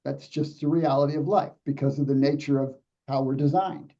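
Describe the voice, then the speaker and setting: A man hosting a motivational podcast, talking quickly and emphatically, repeating his points as he builds up momentum. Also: medium pitch, fairly even intonation, warm tone, far from the mic, highs cut off. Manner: fast, emphatic, repetitive phrasing. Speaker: podcast host.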